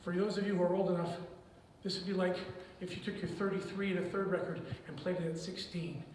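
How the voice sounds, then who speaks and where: Hoarse man teaching kids, echoey hall. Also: high voice, flat delivery, fast, slight background noise. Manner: gentle, playful, talks to children. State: hoarse, recovering from illness. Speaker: children's ministry leader. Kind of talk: kids' song lesson. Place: church hall. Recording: echoey hall, mic far off.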